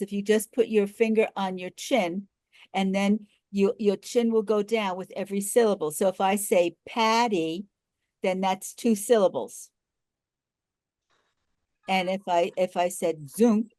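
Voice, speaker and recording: An older woman facilitating a group video call, gently explaining and repeating instructions. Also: mid-range voice, dry recording.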